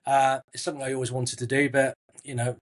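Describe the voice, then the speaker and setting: Speaking fast with a flat delivery in a mid-range voice, a middle-aged actor from Southwest England chats casually as an interview guest. He restarts often, adds friendly asides and calls people mate.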